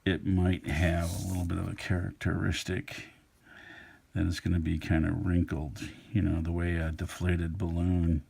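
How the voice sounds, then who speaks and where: A middle-aged man with a low voice teaches a drawing lesson, musing aloud as he sketches. His tone is easygoing and unhurried, and his voice has a gravelly rasp. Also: darkish tone. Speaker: art instructor. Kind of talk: relaxed drawing tutorial narration.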